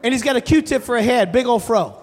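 High-voiced animated preacher man. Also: brisk. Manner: animated, emphatic, calls out to the congregation. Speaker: pastor. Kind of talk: storytelling sermon. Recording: long hall reverb with soft music behind.

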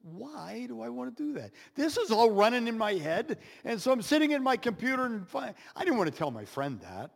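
A man telling a personal story as a sermon, animated, with dramatic pauses and playful sound effects. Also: on the high side, gravelly. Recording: echoey hall with long reverb.

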